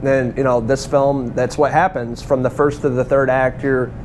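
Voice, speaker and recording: A man's voice: mid-range voice, little pitch movement, normal speed, a little mellow, a little hiss or hum. A man giving a casual, rambling movie review, swearing freely and laughing now and then. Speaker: film reviewer.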